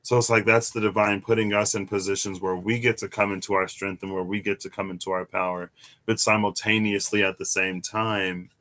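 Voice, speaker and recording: A young man giving a casual, musing tarot reading, animated at times with sudden high exclamations. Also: brisk. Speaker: tarot reader. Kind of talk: casual reflective monologue.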